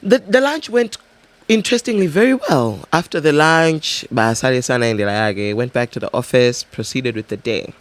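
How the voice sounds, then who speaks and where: A man's voice: mid-range voice, moderate pace. A man with a Malawian English accent hosting a podcast, telling a story casually and acting out each character as he goes. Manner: animated, acts out every character. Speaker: podcast host.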